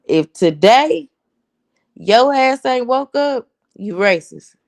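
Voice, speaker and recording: A woman's voice: on the high side, expressive, slow, creaky. A woman, telling a story in a casual, blunt, profane rant. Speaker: host.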